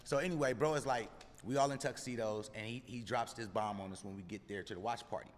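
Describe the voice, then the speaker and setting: A man telling a story in casual podcast chat, animated and profane, acting out what others said. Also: fairly low pitch, fast, a little hiss or hum. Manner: animated, profane, acts out quotes. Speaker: podcast guest, filmmaker. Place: podcast studio. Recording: roomy reverb, faint ambience.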